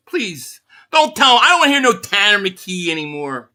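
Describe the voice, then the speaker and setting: A man's voice: very high-pitched, sing-song, moderate pace, pushed and bright. Furious swearing man ranting live. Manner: furious, blunt, swearing, repeats his points. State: angry. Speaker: live stream host reacting to a football game. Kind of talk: angry live reaction rant, reading viewer messages.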